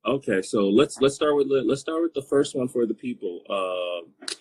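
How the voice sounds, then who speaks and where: A man's voice: medium pitch, lively intonation, normal speed, darkish tone, husky, poor audio. A man hosting a podcast, teasing his guest and joking in a casual, filler-heavy chat. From Congo. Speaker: podcast host.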